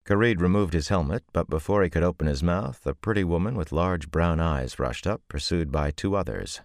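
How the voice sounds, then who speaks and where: A man reading a novel aloud as a measured audiobook narrator. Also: no room sound, clean studio sound. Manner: measured, deep-voiced reading with voiced characters. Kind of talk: scripted narration.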